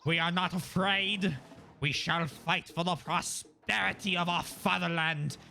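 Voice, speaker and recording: Man voicing a rebel leader, grandstanding, slow and drawn-out, bright tone. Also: high-pitched, steady tone, creaky, full character voice. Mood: rousing. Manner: slow, grand, rabble-rousing speech. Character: fiery rebel leader man rousing a mob.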